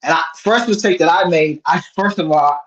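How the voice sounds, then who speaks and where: A man telling a story in casual chat, rambling and animated with many restarts. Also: fairly high pitch, moderate pace. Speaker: host. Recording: dull lo-fi sound.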